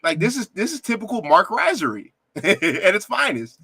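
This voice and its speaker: Excitable high-voiced man reacting to a clip. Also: moderate pace, creaky, husky, no room sound. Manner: excitable, laughing, stammering restarts, indignant. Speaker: reaction video host. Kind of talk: animated commentary on a debate clip.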